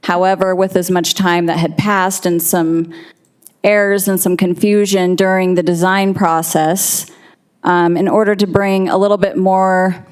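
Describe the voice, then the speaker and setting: A woman's voice: fairly low pitch, a little mellow, clean tone. A woman speaking as a developer's representative at a city council meeting, explaining earnestly and at length. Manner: earnest, explanatory, slightly shaky from cold. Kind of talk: public comment at a council meeting. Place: council chamber.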